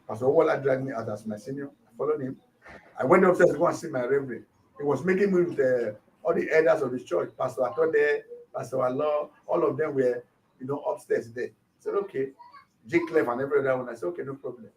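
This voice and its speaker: A man's voice: mid-range voice, fast, darkish tone, recorded from a distance, slight background noise, poor audio. A Nigerian man, a pastor, animatedly retelling a dispute in an interview, acting out the quotes as he goes. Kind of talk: storytelling interview.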